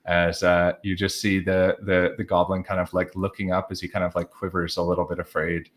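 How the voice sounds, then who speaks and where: Low-voiced guy running a tabletop game, rambly, lots of uh and like. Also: completely flat delivery, brisk. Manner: rambling, many fillers. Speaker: game master. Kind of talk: improvised tabletop narration.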